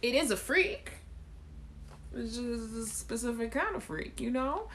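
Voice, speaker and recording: A woman's voice: a little high, animated, a little slow, a bit bright, a little hiss or hum. A woman hosting a live chat show, talking casually to viewers, reading out their comments and laughing. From Caribbean.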